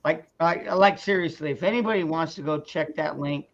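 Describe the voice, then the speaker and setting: A man's voice: fairly high pitch, brisk. A man ranting on a casual livestream, angry and profane, stumbling through restarts as he talks. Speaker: streamer. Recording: dull lo-fi sound.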